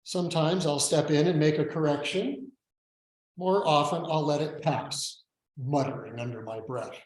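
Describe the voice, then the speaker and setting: A priest from Oregon preaching a sermon in a measured, reflective way with gentle humor. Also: male voice, on the high side, far from the mic. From Oregon, USA. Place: church sanctuary. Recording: echoey church room.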